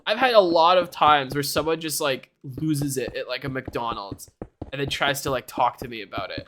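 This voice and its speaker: A young man chats casually on a live stream, ranting animatedly about online arguments and laughing often. His voice is bright and forceful. A faint noise sits behind him on the desk mic. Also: medium pitch, moderate pace. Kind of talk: casual chat.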